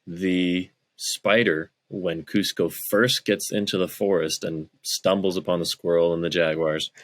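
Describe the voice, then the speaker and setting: A man's voice: sits low, fairly even intonation, unhurried, a bit bright, no echo. A man co-hosting a podcast, explaining film details point by point in casual chat. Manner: explanatory, lays out points in order. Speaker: podcast co-host. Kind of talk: casual movie review chat.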